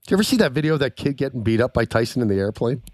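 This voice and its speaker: A brash man on a podcast who swears freely, his pitch bouncing up and down as he talks. He cuts in on the others often. The mic is dry and close, with no room sound. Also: expressive, racing, darkish tone, dry recording. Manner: brash, swears a lot, interrupts. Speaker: podcast co-host. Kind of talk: casual chat.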